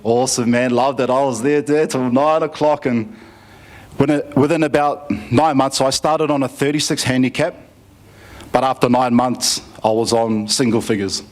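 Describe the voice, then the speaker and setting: A man tells his own life story to a conference audience. His delivery is easygoing and full of fillers and restarts, at a mid-range pitch for a man. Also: fairly even intonation, moderate pace. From New Zealand. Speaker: conference speaker giving a testimony. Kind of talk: personal testimony story.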